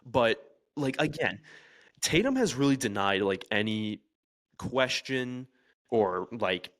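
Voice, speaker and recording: Animated man sports podcast co-host. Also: mid-range voice, slow. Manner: animated, restarts a lot. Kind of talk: casual sports chat.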